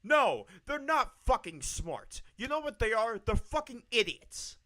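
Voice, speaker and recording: A man's voice: very high voice, big pitch swings, measured pace, pushed and bright. A man streaming live, ranting angrily with heavy swearing and repeating his points. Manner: profane, angry, repeats himself.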